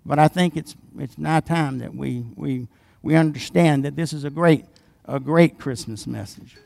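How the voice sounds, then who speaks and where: A man preaching a sermon as pastor, dropping into quiet asides and rising loud and emphatic when he reads scripture, calling for responses from the congregation. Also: medium pitch, moderate pace, creaky, dry recording, clean studio sound.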